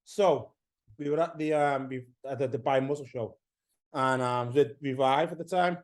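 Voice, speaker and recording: A man's voice: medium pitch, a little mellow. A man from England with an English accent, telling a rambling story as a podcast guest, swearing freely and getting heated. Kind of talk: casual chat, storytelling.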